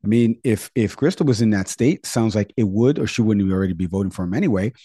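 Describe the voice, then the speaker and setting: A man's voice: fairly low pitch, fast talker, mellow, breathy edge, no room sound, clean studio sound. A man hosting a political talk show, going through poll numbers in a conversational way. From Florida. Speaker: host.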